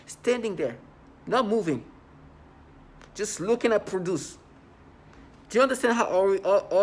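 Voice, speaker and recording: A man with a high voice talks directly to the camera in a casual monologue, agitated and rambling and repeating himself often. There is slight background noise.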